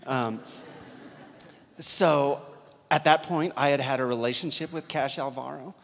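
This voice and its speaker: Man, investigative reporter, lively storyteller, conference talk, long hall echo. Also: medium pitch, unhurried. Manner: lively anecdotal storyteller, reads aloud then chats. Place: large convention hall. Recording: echoey hall.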